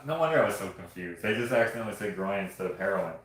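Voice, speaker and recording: A man's voice: low-pitched, animated, rapid-fire. A man casually chatting on a stream as he shows his artwork, rambling and joking. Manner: rambling, jokey, laughs often. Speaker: artist streaming show-and-tell. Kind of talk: casual livestream chat. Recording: very echoey room.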